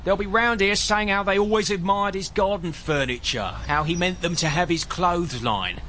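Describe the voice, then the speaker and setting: A man's voice: high-pitched, normal speed, sharp tone, slight background noise. An actor playing a callous, sarcastic husband who bosses his wife around. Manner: sarcastic, bossy, flippant. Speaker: son-in-law Blake. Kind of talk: radio comedy drama.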